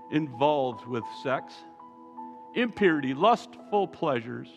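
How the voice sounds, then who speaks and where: A man preaching a sermon as pastor, moving from quiet asides to loud, emphatic calls to his congregation. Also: on the high side, in a large hall. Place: church sanctuary.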